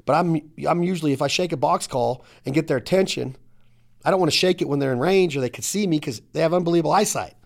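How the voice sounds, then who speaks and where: A middle-aged man hosting a casual hunting podcast, talking in an energetic, emphatic, rambling way. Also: fairly high pitch, fast, gravelly. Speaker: podcast host.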